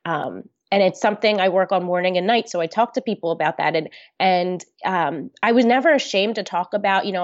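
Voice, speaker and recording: A woman's voice: medium pitch, fairly quick, no room sound. Earnest woman guest, dry dull sound. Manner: open, earnest, talks with many restarts and fillers. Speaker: podcast guest. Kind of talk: candid conversational interview.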